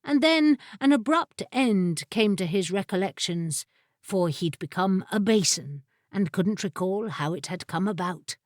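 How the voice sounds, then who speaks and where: A woman narrating a fantasy audiobook in a measured storytelling manner. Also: mid-range voice, lively intonation, no room sound, clean studio sound.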